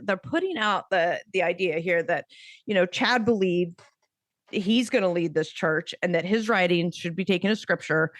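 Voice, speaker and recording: A woman co-hosts a podcast, chatting casually and rambling with frequent restarts and laughs. Her voice is medium-pitched, and the recording is dry.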